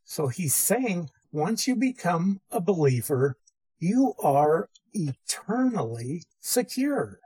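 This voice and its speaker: A Bible teacher gives a theology lecture, carefully defining each term and repeating key phrases. His husky, slightly breathy voice is high-pitched with a dark tone, and he sounds very animated while speaking slowly and deliberately. The audio quality is poor.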